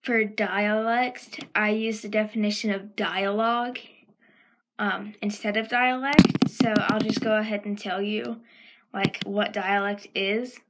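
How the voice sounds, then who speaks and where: A woman's voice: medium pitch, steady tone, measured pace, noisy background. A woman with a Southern American accent, hosting a casual educational podcast and hesitating often with ums as she corrects herself. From Southern United States. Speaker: podcast host.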